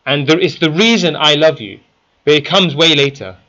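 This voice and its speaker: A man's voice: fairly high pitch, lively intonation, moderate pace, bright, forceful tone, lo-fi sound. A man teaching a class, constantly quizzing his students with questions. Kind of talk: interactive classroom lesson.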